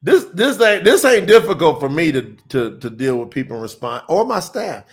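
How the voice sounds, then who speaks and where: A man's voice: a little high, sing-song, normal speed. A man hosting a livestream, teaching on scripture and reading out viewer comments in an emphatic, insistent way. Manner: emphatic, insistent, laughs often.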